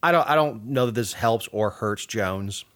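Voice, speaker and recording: A man's voice: lowish voice, moderate pace, fairly bright tone. A middle-aged man from Georgia co-hosting a casual political talk show, sarcastic and rambling, with frequent restarts.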